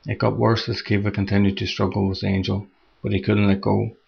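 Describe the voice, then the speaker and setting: A man narrating a scripted horror story in a steady, measured reading, on a dull lo-fi recording. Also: lowish voice, creaky, breathy edge.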